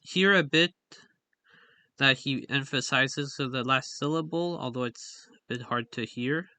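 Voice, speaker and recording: Guy talking slow and halting, lots of ums, bright clear voice. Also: mid-range voice, no room sound. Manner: hesitant, many fillers and self-corrections. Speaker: language hobbyist explaining stress patterns. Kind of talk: casual explainer with on-screen examples.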